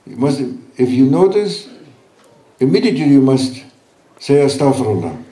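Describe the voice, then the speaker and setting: A man giving a sermon at a religious gathering, speaking gently and teasingly in broken English to reassure his listeners. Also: mid-range voice, big pitch swings, moderate pace. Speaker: sheikh giving a religious talk. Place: large hall at a gathering. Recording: roomy hall, voice from far off.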